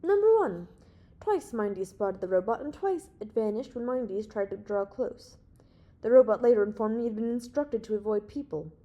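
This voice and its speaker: A woman reading the part of a young male space hero who lays out his case in a calm, authoritative, reasoning way. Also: fairly high pitch, normal speed. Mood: confident, reasoning.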